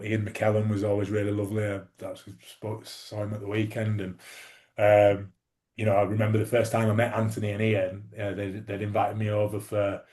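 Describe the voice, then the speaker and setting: A fairly low-pitched man, chatting as an interview guest. He tells long anecdotes in a relaxed, rambling way, full of fillers and restarts. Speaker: guest, former rugby league player. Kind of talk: casual interview storytelling.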